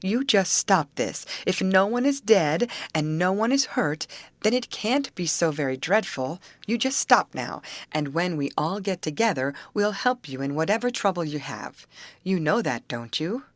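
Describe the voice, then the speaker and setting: A brisk, take-charge teenage girl, as a woman reads her in a storybook, coaxing and firm with her friends. The voice sits low for a woman and is lifted a little for the part, in a dry, close sound. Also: very animated, no echo. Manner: brisk and firmly cheering.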